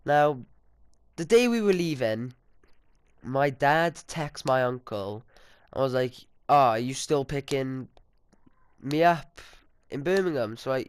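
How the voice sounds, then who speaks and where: A man's voice: mid-range voice, smooth, dry recording. A sixteen-year-old boy telling a rambling, indignant, sweary story to his viewers. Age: teens. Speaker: vlogger. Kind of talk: casual storytime.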